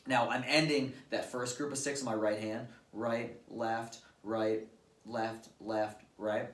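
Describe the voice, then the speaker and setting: A man's voice: mid-range voice, level tone, slow. A man patiently explaining drum stickings step by step, with casual fillers, as a drum teacher. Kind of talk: instructional drum lesson. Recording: roomy, distant-mic recording with drums. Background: drum kit played at times.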